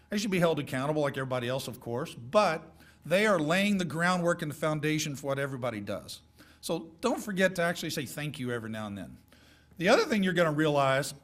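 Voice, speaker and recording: A middle-aged man giving a folksy, joking speech of advice to high school seniors. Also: fairly bright tone. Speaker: guest speaker.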